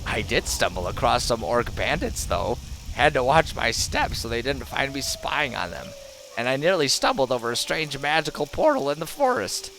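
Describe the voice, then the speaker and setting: A man reading a stiff, earnest male scout from a fantasy game, measured and formal, his pitch moving a lot through the lines. He sounds dutiful and a little wooden, with a faint hiss in the background. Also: sing-song, creaky, pushed and bright, heavily acted. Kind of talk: reading game dialogue aloud.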